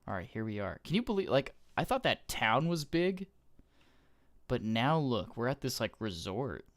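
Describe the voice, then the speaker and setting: A man's voice: medium pitch, big pitch swings, moderate pace. Gushing man murmuring over a game. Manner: gushing, awed, often trails off into soft murmurs. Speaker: gaming YouTuber. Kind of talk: casual gameplay commentary.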